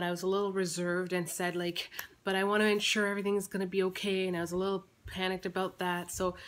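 A woman's voice: medium pitch, a bit bright. A woman in her thirties giving a chatty vlog update, rambling with restarts and fillers, a little out of breath. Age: 30s. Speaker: family vlogger. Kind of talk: casual personal vlog update.

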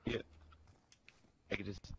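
A man's voice: slow, very noisy. A man playing along as a teammate, laid-back and teasing, laughing often in casual banter. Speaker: teammate in the game. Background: loud music and game gunfire.

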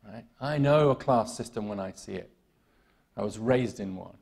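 This keynote speaker, a man from the UK with a British accent, addresses a conference hall in a gravelly, darkish, fairly low voice at normal speed. He leans on wry self-deprecation, with many "ums" and restarted sentences.

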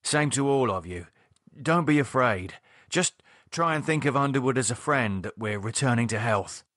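A man's voice: mid-range voice, expressive, moderate pace, fairly bright tone, no room sound, studio quality. A man voicing a blunt, sardonic man who swears casually while preparing a grim ritual. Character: edgy blunt man reviving a vampire.

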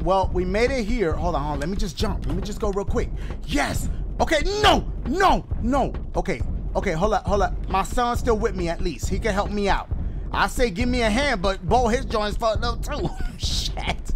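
Male gaming host, high and lively voice, loud reactions, music bed behind. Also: moderate pace. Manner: loud, yelps and shouts often; talks to the audience as "guys". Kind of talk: excited gameplay commentary.

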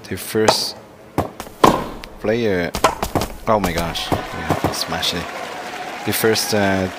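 A man playing a mobile tennis game and commenting live, excitable and self-critical, with frequent exclamations. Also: low-pitched, slow, a loud crowd. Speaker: mobile game let's-play host. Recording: loud background noise.

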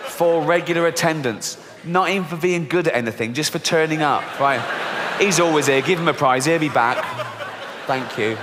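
A man's voice: on the high side, moderate pace, background noise. A man doing stand-up comedy, sarcastic and profane, laughing mid-sentence, on a theatre stage with a stage mic. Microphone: stage microphone. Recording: live hall recording with audience.

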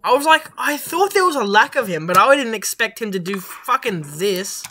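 Bright, excitable young gamer. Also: mid-range voice, moderate pace. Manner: excitable, swears a lot, bursts into loud surprised reactions. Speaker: gamer playing a horror game. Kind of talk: casual gameplay commentary.

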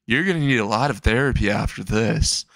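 A man voicing an obsessive, creepy young girl who speaks flatly and menacingly. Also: lowish voice, a little fast, vocal fry, no echo.

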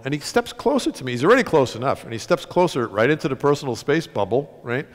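Animated man telling a story in a concert hall. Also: medium pitch, quick pace. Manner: animated, self-mocking, laughs often. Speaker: author, guest speaker. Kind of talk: storytelling to a live audience. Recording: long concert hall reverb.

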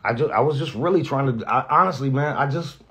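A man, a radio host, talks candidly and off the cuff, halting and restarting often, with lots of profanity and earnest emotion. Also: medium pitch, sharp tone. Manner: halting, rambling, heavy profanity, frequent restarts; earnest, emotional about being grateful. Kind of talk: candid off-the-cuff vlog talk.

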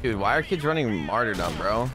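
A young man commentating his own gameplay to viewers, chatting casually and bursting into loud yells when things go wrong. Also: lowish voice, sing-song, brisk, background noise. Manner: talks to viewers, bursts into yelling rage at deaths. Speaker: gaming streamer. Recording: faint gunfire behind.

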